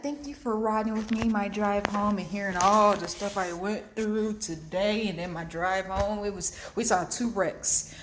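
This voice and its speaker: A young adult woman telling a story in a casual vlog while driving home in her car, animated, acting out what people said and laughing often. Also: mid-range voice, unhurried, noisy background. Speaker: vlogger.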